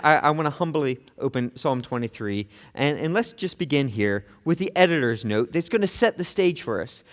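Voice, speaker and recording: A man preaching a sermon as pastor, earnest, moving between hushed and intense delivery, often repeating words as he starts a phrase. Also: a little high, in a large hall. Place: church sanctuary.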